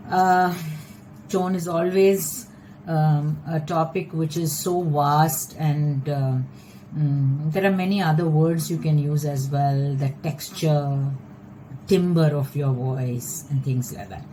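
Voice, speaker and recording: A woman vocal coach teaching a lesson, explaining in a measured, patient way. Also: deep voice, fairly even intonation, warm tone, slight background noise, low-quality recording.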